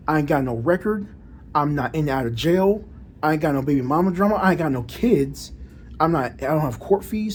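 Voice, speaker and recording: Man, somewhat high-pitched, careful proper speech, stumbling restarts, casual vlog talk. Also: darkish tone, slight background noise. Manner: frequent restarts and repeated words. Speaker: vlogger. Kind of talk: casual monologue to camera.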